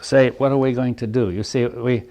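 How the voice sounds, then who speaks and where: A man giving a reflective talk to a group, thinking aloud in halting phrases, checking in with "right?" and chuckling lightly between points. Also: medium pitch, steady tone, dark tone. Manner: thoughtful, halting, often asks "right?". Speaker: speaker leading a group dialogue.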